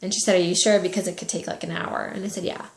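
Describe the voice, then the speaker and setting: Soft-spoken young woman, gravelly and low. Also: level tone, echoey room. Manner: soft-spoken, halting with many ums and fillers. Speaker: vlogger. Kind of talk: personal story told to camera.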